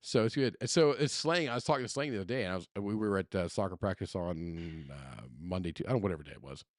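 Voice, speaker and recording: A man's voice: low voice, fast, no room sound, clean studio sound. A middle-aged man with a Southern American accent, co-hosting a podcast in casual chat, telling stories with lots of laughs and restarts. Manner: animated, laughing storyteller with many restarts. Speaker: podcast co-host.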